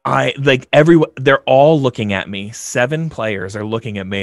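A man, a game master, casually telling an animated, self-deprecating story in conversation. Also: mid-range voice, normal speed, few pauses, no room sound, clean studio sound.

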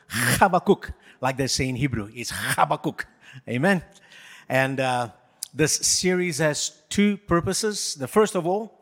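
A male pastor preaching a sermon in an animated, jokey way, addressing the congregation. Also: a little high, long reverb tail.

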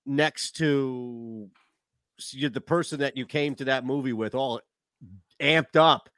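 A man hosting a casual sports talk show, rambling and animated. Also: medium pitch, slow, dry recording.

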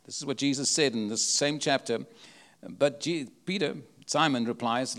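A man's voice: mid-range voice, moderate pace, a bit bright. A man with an accent preaching a sermon, emphatic and full of rhetorical questions. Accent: non-local accent.

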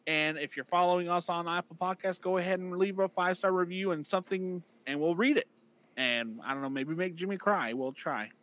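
A man's voice: high voice, fairly quick, a bit bright. A man hosting a podcast, teasing his friends and reading out the show's sign-off plugs. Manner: teasing, wraps up with show plugs. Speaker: podcast host. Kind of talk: casual chat.

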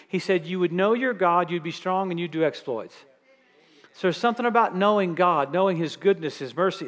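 A middle-aged man preaching a sermon in a church, telling stories and joking with the congregation before praying. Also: sits high. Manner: lively, jokes with the audience. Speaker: guest preacher. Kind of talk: sermon with storytelling. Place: church sanctuary. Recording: church hall reverb.

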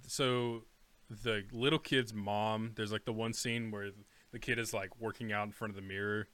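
A man's voice: lowish voice, little pitch movement, moderate pace, fairly bright tone, clear, resonant tone. A young man co-hosting a podcast, telling stories bluntly and with animation in casual chat. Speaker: podcast co-host.

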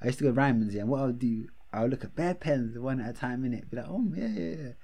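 A young man, telling a story in casual chat, animated, with laughter and heavy slang. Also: medium pitch, racing. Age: young adult.

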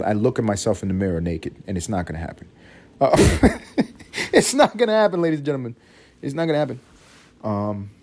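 A young man carries his podcast alone in a loose, profane monologue. He wanders from thought to thought and sometimes breaks into a shrill mock voice for effect. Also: warm tone. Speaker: podcast host. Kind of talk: solo comedic podcast monologue.

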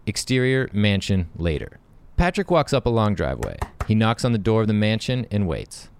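Male host narrating stage directions, lowish voice, lively delivery, brisk. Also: clear, resonant tone. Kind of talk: reading screenplay-style scene directions.

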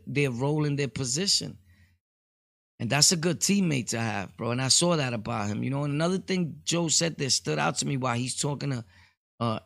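A man's voice: medium pitch, fairly bright tone, dry recording, studio quality. A man hosting a solo podcast, rambling casually with street slang and laughing asides. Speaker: podcast host.

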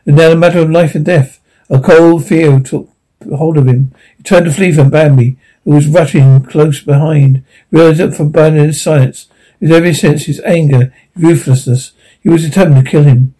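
A man's voice: fairly high pitch, dark tone, husky, rough recording. A man reading a classic animal story aloud as narration, unpolished with frequent restarts. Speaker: audiobook reader.

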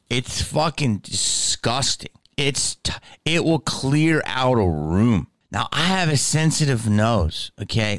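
A man's voice: mid-range voice, dry recording, studio quality. A man hosting a podcast, ranting in a profane, emphatic way and often asking "okay?". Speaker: podcast host. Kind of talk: casual ranting monologue.

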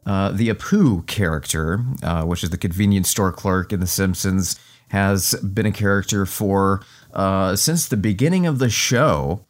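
Low-voiced man losing his voice. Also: a little slow. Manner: chatty, frequent fillers and restarts. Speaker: podcast host. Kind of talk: casual podcast chat.

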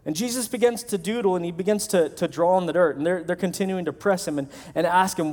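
A man's voice: high-pitched, quick pace, few pauses, darkish tone. A male pastor preaching a sermon in a conversational way, acting out the voices of the people he quotes.

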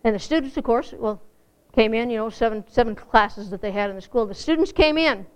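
A woman's voice: a little high, brisk, clean tone. A woman preaching a folksy, earnest sermon to a congregation, rising to fervent emphasis. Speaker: church speaker.

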